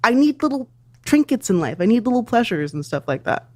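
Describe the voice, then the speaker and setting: A woman's voice: a little high, big pitch swings, brisk, warm tone. A woman guest in a money interview, talking in a playful, unbothered way. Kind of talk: casual chat.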